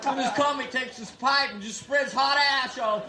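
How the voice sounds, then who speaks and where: A man's voice: extremely high pitch, fairly even intonation, normal speed, hardly any pauses. A man in his twenties from San Francisco doing stand-up comedy, playfully teasing the audience in a nightclub. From San Francisco, USA. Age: 20s. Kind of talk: stand-up comedy with crowd work. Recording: echoey club, loud crowd and noise.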